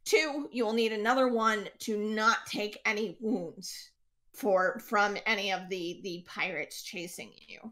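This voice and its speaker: A woman's voice: mid-range voice, measured pace, pushed and bright. Chatty woman running a tabletop game. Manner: loose and chatty, full of fillers. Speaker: game master.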